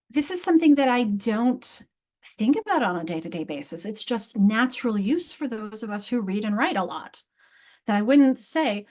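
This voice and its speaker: A woman's voice: a little high, a little fast. Chatty woman leading a literacy training. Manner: animated, many restarts and fillers; rhetorical tag questions. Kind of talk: live teacher training lecture.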